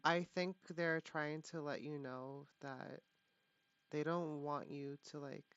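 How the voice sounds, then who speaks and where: A woman giving a live tarot reading, talking in a halting way with many fillers and restarts. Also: sits low, steady tone, fairly bright tone, no echo. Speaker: tarot reader. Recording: dull lo-fi, dry sound.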